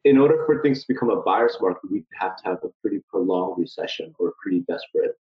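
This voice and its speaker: Low-voiced man in a roomy, dull recording. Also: lively intonation, fast talker. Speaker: host. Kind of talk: casual panel chat.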